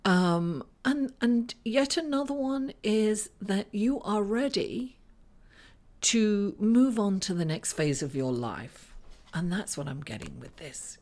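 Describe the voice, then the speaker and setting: A woman's voice: medium pitch, slow, darkish tone. Chatty woman reading tarot. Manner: chatty and rambling, with many fillers and restarts. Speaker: astrologer giving tarot readings. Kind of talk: weekly tarot forecast to camera. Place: indoors in front of a green screen.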